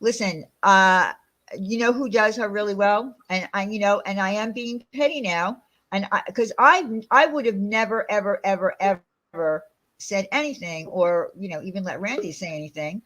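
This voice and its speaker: A woman's voice: medium pitch, lively intonation, normal speed, a bit bright. Woman host of a casual stream, heated and profane, rambling delivery. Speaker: channel host. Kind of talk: casual livestream chat.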